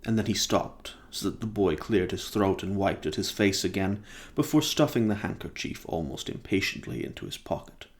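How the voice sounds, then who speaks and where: Man with a deep gravelly voice reading a novel. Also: normal speed, few pauses. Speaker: reader.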